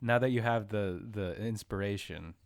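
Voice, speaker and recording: A young man with a low voice co-hosts a casual podcast. He teases, prods and jokes around, pushing his friend to open up. The recording is dry and close to the mic. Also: normal speed, no room sound. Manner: teasing, pushy, joking banter. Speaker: podcast co-host.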